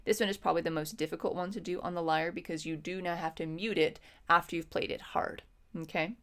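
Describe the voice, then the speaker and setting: A woman with a fairly low voice teaches a music lesson. She explains patiently and step by step, pausing on ums as she thinks. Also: steady tone, a bit bright. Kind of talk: instructional lesson.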